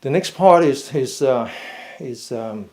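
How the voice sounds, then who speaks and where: A middle-aged man leading a seated mindful fitness class, giving slow, patient step-by-step cues. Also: mid-range voice, expressive, darkish tone. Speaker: fitness and meditation instructor. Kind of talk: guided seated exercise class.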